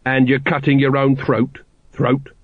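A man voicing a gloomy, dry-witted male city watch captain who talks slowly and sardonically. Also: mid-range voice, completely flat delivery, breathy edge, no echo. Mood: sardonic. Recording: dry, slightly dull studio recording.

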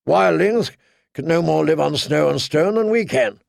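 Gruff old lord-commander, curt and commanding, a touch gravelly, read by a male narrator. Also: fairly high pitch, animated, unhurried, no room sound, clean studio sound, full character voice. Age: older. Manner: brusque, decisive orders.

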